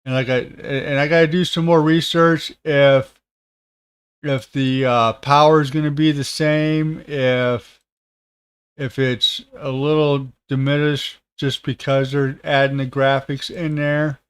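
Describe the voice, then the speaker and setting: Slow, halting man rambling about tech. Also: medium pitch, flat delivery, smooth. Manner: halting, many fillers and restarts. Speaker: tech content creator. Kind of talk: casual livestream chat.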